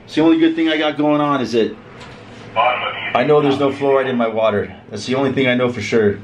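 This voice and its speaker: A man's voice: medium pitch, fairly quick. A middle-aged man with the flu and a sore throat, rambling and complaining in a profane casual monologue to camera. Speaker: vlogger. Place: cold room with frozen windows. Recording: roomy echo with faint noise.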